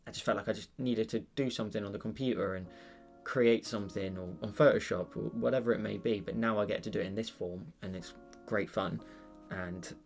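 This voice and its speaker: A man's voice: on the low side, steady tone, fairly quick, creaky, hardly any pauses, faint music behind. A British man hosting an art channel, chatting casually on a live stream while he draws, rambling with lots of fillers and restarts.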